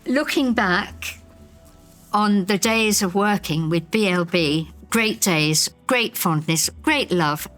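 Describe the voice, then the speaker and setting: An older woman, a former radio broadcaster, reminiscing in an interview as an animated storyteller. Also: medium pitch, slow pace, soft background music. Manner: animated storyteller, acts out voices in anecdotes.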